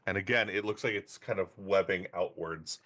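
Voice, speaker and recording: A man running a tabletop game as game master, setting scenes in slow, descriptive narration. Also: low voice, a bit bright, dry recording.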